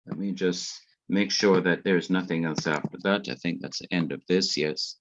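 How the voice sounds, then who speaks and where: A man's voice: deep voice, moderate pace, muffled recording, slight background noise. A man with a Jamaican accent, carefully explaining grammar rules in an online revision lesson. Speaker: Hebrew teacher.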